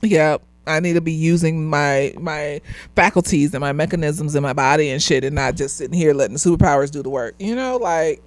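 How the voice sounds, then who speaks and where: A woman's voice: low voice, brisk. Tipsy woman rambling a show review. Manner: loose, rambling, swears freely, laughs often. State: slightly tipsy.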